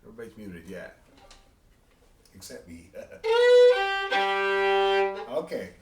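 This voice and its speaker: A man's voice: on the high side, expressive, moderate pace, reverberant, loud music behind the voice. A man teaching a beginner fiddle class over a video call, chatty and rambling with chuckling asides. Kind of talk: online group music lesson.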